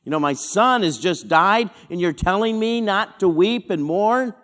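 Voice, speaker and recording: Man reading a widowed mother in grief, incredulous, hushed, quick. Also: high-pitched, expressive. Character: grieving widowed mother, protesting in disbelief.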